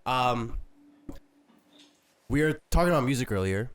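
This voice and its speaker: A man's voice: medium pitch, animated. Young man hosting, slangy and laid-back. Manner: quick agreeing backchannels, slangy. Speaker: podcast host. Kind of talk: casual chat.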